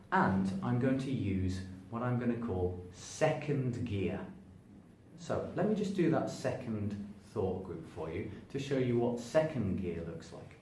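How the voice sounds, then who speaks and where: In a spoken English lesson to camera, a man stretches and stresses words to demonstrate pronunciation, his pitch shifting in a lively way. He stands before a sign, moving toward and away from a distant camera, in an echoey room where his voice sounds remote over faint background noise.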